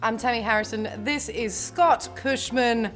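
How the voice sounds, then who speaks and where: A woman with a high voice hosts a casual livestream and chats in an upbeat, teasing way. Faint music plays in the background. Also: measured pace, a bit bright. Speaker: host.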